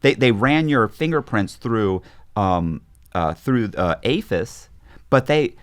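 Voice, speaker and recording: A man's voice: mid-range voice, expressive, slow pace. A man, a podcast guest, telling a story in casual conversation, acting out quoted voices, with frequent restarts.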